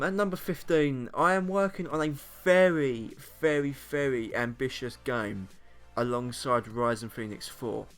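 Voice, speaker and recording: A man's voice: mid-range voice, a bit bright. A young British man chatting casually to camera, rambling and self-mocking, often laughing between points. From Britain. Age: young adult. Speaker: YouTuber. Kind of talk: casual vlog monologue.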